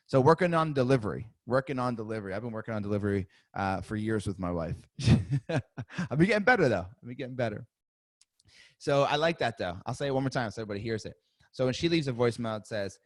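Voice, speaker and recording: An energetic man leads a live coaching webinar, loose and chatty, breaking into little laughs and acting out sample calls. His voice sits at an ordinary middle pitch. The sound is close and dry, with no room around it. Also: quick pace, no echo. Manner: energetic, conversational, laughs often, acts out example calls. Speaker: webinar host and sales coach.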